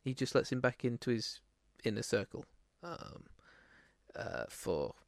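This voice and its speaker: A man's voice: mid-range voice, very animated, unhurried, creaky, no room sound, clean studio sound. A man co-hosting a podcast, chatting casually about films in a rambling way, full of restarts and fillers. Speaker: podcast co-host. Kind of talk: casual film chat.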